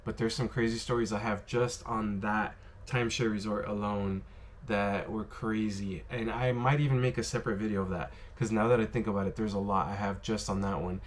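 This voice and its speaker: A man casually telling stories to the camera about his bartending days, rambling and filling pauses with "um" and "you know". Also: on the low side, steady tone, slight background noise. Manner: rambling, filler-heavy, lots of "you know" and "um". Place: worked in Las Vegas.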